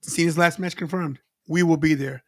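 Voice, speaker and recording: A high-voiced man co-hosts a live watch-along podcast. He is animated and laughs often. He addresses the chat directly between his opinions. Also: normal speed. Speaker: podcast co-host.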